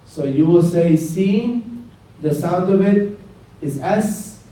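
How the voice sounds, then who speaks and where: A man with a Northeastern US accent leads a classroom lesson, calling out letter names and drilling them for his students. His voice is mellow and a little higher than most men's, and he takes his time over each step. He is picked up from across a boomy, reverberant classroom. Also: slow. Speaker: imam teaching Arabic letters. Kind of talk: classroom lesson, slow and repetitive. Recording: echoey room picked up from a distance.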